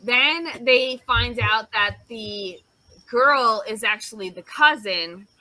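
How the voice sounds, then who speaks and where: A woman's voice: fairly high pitch, slow pace, poor audio. A woman co-hosting a casual podcast, retelling a story with lots of swearing and acted-out quotes. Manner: animated storyteller, swears freely, acts out quotes. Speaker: podcast host.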